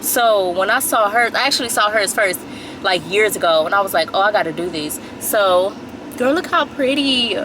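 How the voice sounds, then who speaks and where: A woman's voice: medium pitch, moderate pace, noisy background. A young woman vlogging in casual chat, telling stories and talking straight to her viewers. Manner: animated storyteller, talks straight to viewers. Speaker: lifestyle vlogger. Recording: echoey room.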